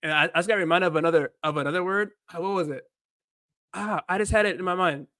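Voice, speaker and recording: Male livestream host, chatty and rambling, slips into spanish now and then, bit high voice, dry sound. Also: quick pace, bright, forceful tone, dry recording. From United States. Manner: rambling, repeats himself, mixes in Spanish phrases. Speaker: livestream host, language learner. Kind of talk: casual livestream chat.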